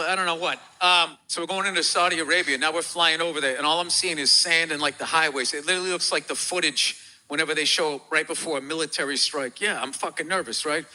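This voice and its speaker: A man from America, a comedian guest telling stories on a talk show, swearing freely and loudly acting out the voices of the people he quotes. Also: high-pitched. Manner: profane, animated, acts out quoted voices loudly.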